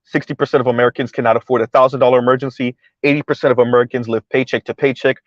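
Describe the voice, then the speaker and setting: A South Florida commentary vlogger talks casually to his viewers while driving through floodwater, chatty and often repeating himself and laughing. His medium-pitched voice is flat and very fast, on a dry recording with the highs cut off.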